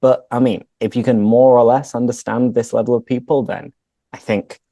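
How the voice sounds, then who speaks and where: A British man hosting a relaxed interview chat as an English teacher, explaining plainly and laughing along. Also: medium pitch, normal speed, dry recording, studio quality.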